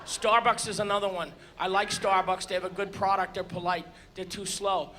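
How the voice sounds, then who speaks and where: A man doing a stand-up comedy set on stage, exasperated and ranting, bursting into loud shouts before a live audience. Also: high-pitched, level tone, moderate pace. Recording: live show with audience laughter and noise.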